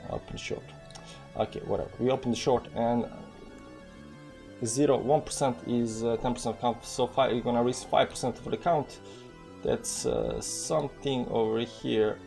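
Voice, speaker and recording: A man's voice: medium pitch, fairly even intonation, normal speed, gravelly, dark tone, soft background music. A man from the former Yugoslavia with a Balkan accent, giving casual live crypto trading commentary in a rambling way, full of fillers and read-out numbers.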